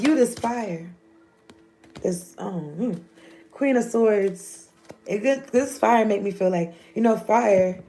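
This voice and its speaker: A woman's voice: mid-range voice, mellow, slight background noise. A woman, giving a loose, joking, profane tarot reading. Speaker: tarot reader.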